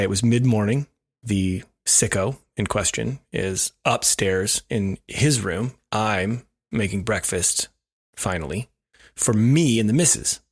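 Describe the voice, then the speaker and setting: A man's voice: on the low side, breathy edge. A man co-hosting a podcast, telling a self-deprecating story in a wry, casual way. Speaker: podcast co-host.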